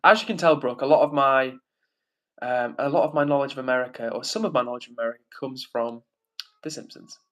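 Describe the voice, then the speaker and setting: A young man with a mid-range, slightly bright voice talks fast while hosting a livestream. He reads chat aloud and answers with rambling, filler-heavy casual remarks.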